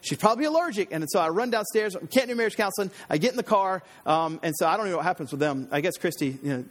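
A man in his thirties preaching a sermon, telling a family story in an animated way and acting out the voices. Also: sits high, fast talker. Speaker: pastor. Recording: long hall reverb.

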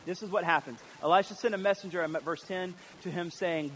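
A male pastor delivering a sermon in a fairly high voice. He is animated and slips into character voices as he tells the story. Faint noise sits under the recording. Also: quick pace, hardly any pauses, low-quality recording. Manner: animated, acts out voices of biblical figures.

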